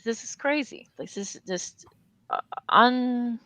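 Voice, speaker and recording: Creaky-voiced woman host, rambling. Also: on the high side, animated, slow pace, sharp tone, no room sound, rough recording. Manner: rambling, many fillers. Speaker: podcast host. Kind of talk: casual chat.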